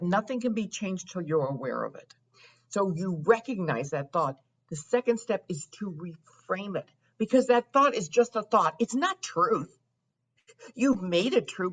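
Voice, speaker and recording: A middle-aged woman, a wealth coach, explaining her method in a steady teaching tone as a podcast guest. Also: medium pitch. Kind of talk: podcast interview.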